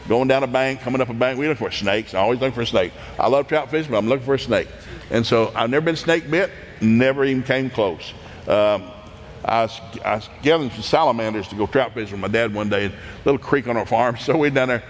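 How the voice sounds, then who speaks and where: A middle-aged man from East Tennessee, telling animated, folksy stories from his childhood, laughing often and acting out voices. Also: mid-range voice, fast talker, long reverb tail, a little hiss or hum. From East Tennessee, USA. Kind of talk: folksy anecdotal storytelling.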